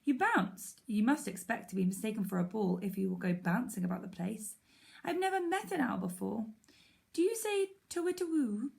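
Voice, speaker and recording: A woman's voice: on the high side, sing-song, moderate pace, gravelly, a little mellow. A woman voicing a bossy young schoolgirl who talks in a superior, know-it-all manner. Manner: superior, matter-of-fact.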